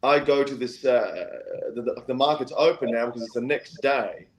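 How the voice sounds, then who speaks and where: A man's voice: moderate pace, a little hiss or hum, low-quality recording. A man, a guest singer-songwriter, telling a long story in casual chat. He jumps into quoted voices and keeps circling back with "anyway". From Australia. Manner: animated, acts out quoted voices with big pitch jumps, keeps saying "anyway".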